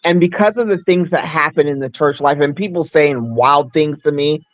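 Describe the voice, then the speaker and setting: A woman's voice: low voice, moderate pace, no echo, poor audio. A woman hosting a casual livestream chat, talking frankly and rambling with lots of restarts. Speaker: livestream host. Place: abroad, away from home.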